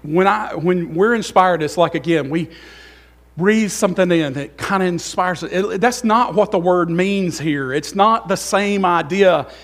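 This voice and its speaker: A middle-aged male pastor preaching a sermon in a church, emotional, with swings between loud, fervent passages and quiet, musing asides. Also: high voice, measured pace. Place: church sanctuary.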